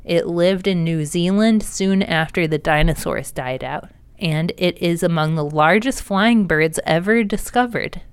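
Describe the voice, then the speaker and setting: A woman's voice: fairly low pitch, a little slow, clean tone, dry recording. A woman co-hosting a podcast in casual chat, talkative and loose, swearing now and then. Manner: chatty, swears casually, laughs often. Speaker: podcast co-host.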